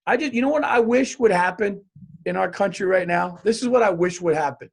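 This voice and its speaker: A male comedian talks alone into his podcast mic, swearing freely and rambling from one rant to the next. His voice sits a little high for a man, and he keeps the tone loose and conversational. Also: brisk, vocal fry. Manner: profane, rambling, animated rants. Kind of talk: solo comedic monologue.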